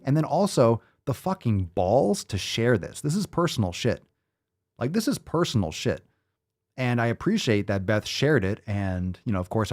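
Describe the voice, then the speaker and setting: This man's voice is medium-pitched and a little mellow. Hosting a livestream show, he rambles through casual commentary full of swearing, sounding sarcastic and fed up.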